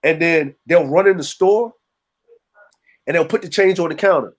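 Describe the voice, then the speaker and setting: A man's voice: fairly high pitch, normal speed. A man in casual podcast chat, telling stories and acting out the people in them. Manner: storytelling, acts out voices of people he describes. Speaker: podcast co-host.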